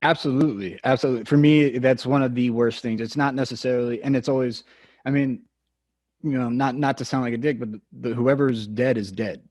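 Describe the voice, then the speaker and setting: A man hosting a podcast, speaking earnestly and agreeing warmly with his guest before adding his own view. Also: mid-range voice, fairly even intonation, brisk, no echo. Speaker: podcast host. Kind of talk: casual podcast conversation.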